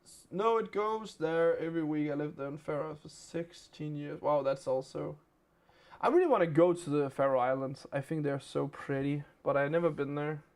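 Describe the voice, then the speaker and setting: Pria, aksen Denmark, host siaran langsung, suara agak tinggi, banyak tertawa. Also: male voice, a little high, normal speed, a little mellow. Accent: Danish. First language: Danish. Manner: chatty storyteller, laughs often. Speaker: live stream game host. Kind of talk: casual live-stream chat.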